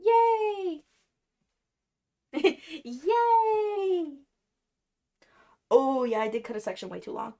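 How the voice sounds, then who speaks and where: A young woman talking to her livestream while she works on a craft at home. Her voice sits a little high, and she rambles in a chatty, playful, self-mocking way. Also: lively intonation, brisk, gravelly, hardly any pauses. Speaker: cosplay streamer.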